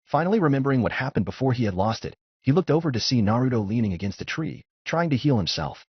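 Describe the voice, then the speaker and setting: Husky male story narrator. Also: medium pitch, fast, dry recording. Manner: steady descriptive narration. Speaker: fanfiction narrator. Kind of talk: audiobook-style story reading. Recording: dull lo-fi recording.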